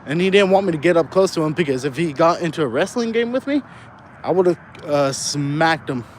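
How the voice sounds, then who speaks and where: Young guy, high voice, casual profane storyteller walking a street, faint traffic behind. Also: lively intonation, a little fast. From Southern California. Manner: rambling, profane, laughs often. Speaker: vlogger.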